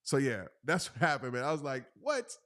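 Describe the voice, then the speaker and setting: A man's voice: medium pitch, fast, fairly bright tone. A man, casually telling a funny story and acting out the voices of the people in it. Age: 30s. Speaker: motivational speaker telling a story.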